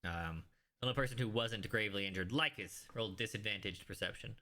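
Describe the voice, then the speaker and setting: A man running a tabletop game as dungeon master, his voice low yet bright. He narrates in a relaxed, halting way, full of small pauses and fillers.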